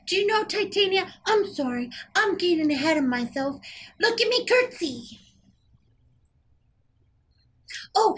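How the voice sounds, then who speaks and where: A woman's voice: extremely high pitch, a bit bright, slight background noise, low-quality recording. A woman voicing a bubbly young female gnome from a swamp who chatters and rambles. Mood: giddy.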